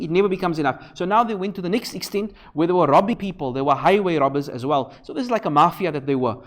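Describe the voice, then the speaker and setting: A man giving a Ramadan lecture in a mosque, earnest, reciting Arabic verses and explaining them. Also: sits high.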